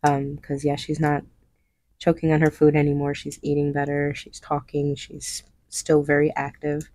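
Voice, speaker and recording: A woman's voice: low-pitched, monotone, moderate pace, mellow, dry recording. A young woman chatting casually while she paints, rambling, with lots of fillers and little laughs. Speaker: craft vlogger.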